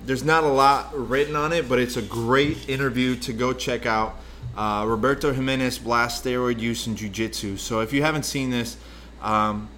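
A man's voice: medium pitch, a bit bright, slight background noise. A man co-hosting a podcast in casual chat, rambling through stories and swearing freely. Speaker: podcast co-host.

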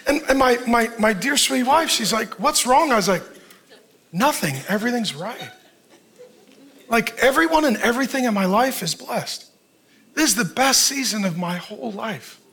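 A middle-aged man preaching a sermon, animated and often laughing at himself, who swings from shouted lines to soft, tender asides. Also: very high voice, normal speed. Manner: laughs often, self-deprecating humor. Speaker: pastor.

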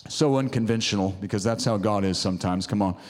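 A man's voice: lowish voice, fast, darkish tone. A man preaching a sermon in church, fervent and exhorting, often urging the room on. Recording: long reverb of a large hall.

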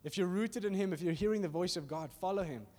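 A man with a high voice preaches to a congregation, conversational and animated, often checking in with his listeners. His voice rings out with the long reverb of a large hall. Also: fast. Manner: animated and conversational, acting out little voices, asks "are you with me?". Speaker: pastor. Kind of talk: sermon. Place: church hall.

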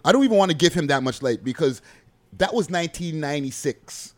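Animated, swearing man, high and lively. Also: brisk. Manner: animated, swearing, laughing often. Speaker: co-host. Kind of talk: casual podcast chat.

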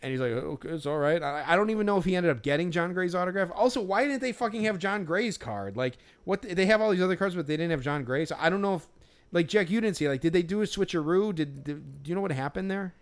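Casual male podcast co-host, clear resonant voice, loose storytelling full of fillers. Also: high voice, expressive, fast. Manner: rambling storyteller, many "like" fillers. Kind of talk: casual chat.

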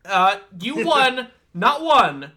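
A man's voice: very high-pitched, very animated, drawn-out words, sharp tone. A man co-hosting a podcast, talking in a playful, joking way and laughing often. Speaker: podcast co-host. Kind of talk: casual podcast chat.

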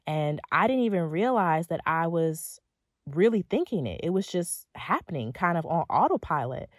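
A young woman giving a faith-based motivational talk, sassy and expressive, acting out her own inner thoughts. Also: deep voice, moderate pace, no room sound, studio quality. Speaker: faith and relationship coach.

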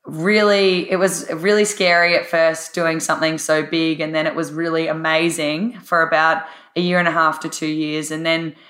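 A husky-voiced woman, a guest on a podcast, talking with enthusiasm and laughing often. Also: low-pitched, level tone, moderate pace, few pauses, a bit bright, echoey room. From Australia. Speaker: podcast guest, life coach. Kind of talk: casual interview chat.

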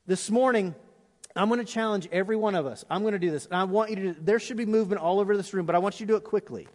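A middle-aged male pastor preaching a sermon, passionate at times and dropping to a hushed tone in prayer, in a large church auditorium. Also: high voice, very fast. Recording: long hall reverb.

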